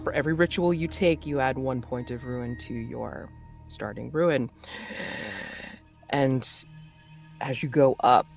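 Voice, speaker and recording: A game master running a tabletop horror game, halting with many restarts and sudden bursts of excited laughter. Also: mid-range voice, creaky, faint music behind.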